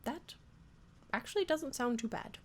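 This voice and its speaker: A woman's voice: sits high, lively intonation, measured pace. Giggly woman streamer reading a game aloud. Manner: giggly, playful.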